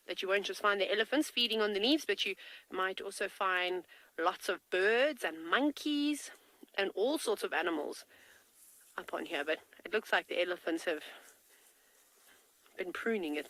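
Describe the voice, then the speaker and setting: A woman's voice: medium pitch, bright, forceful tone, no room sound, poor audio. A woman safari field guide giving chatty, enthusiastic live commentary from a game-drive vehicle, with a tickle in her throat. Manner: chatty and enthusiastic, talks to kids.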